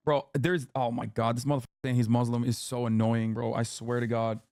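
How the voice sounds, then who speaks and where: A man's voice: mid-range voice, flat delivery, a little fast, darkish tone, no echo. A man ranting heatedly with plenty of swearing, in a commentary clip.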